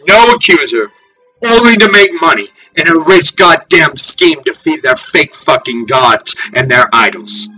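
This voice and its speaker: A man preaching from scripture in a fiery, profane way, swinging between shouted tirades and low mocking murmurs. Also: lively intonation, unhurried, faint music behind, low-quality recording. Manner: swears heavily. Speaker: street preacher.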